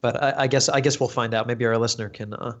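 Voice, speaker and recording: A man's voice: mid-range voice, steady tone, fast, a bit bright. An American man co-hosting a podcast, explaining his views in an earnest, thoughtful way with frequent restarts. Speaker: podcast co-host, teacher. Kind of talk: casual podcast discussion.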